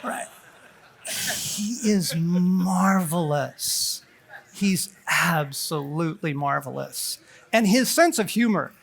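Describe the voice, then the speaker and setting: High-voiced, animated man preaching at a conference. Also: slow pace, gravelly. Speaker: conference speaker. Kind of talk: lively sermon-style talk to a men's conference. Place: conference hall.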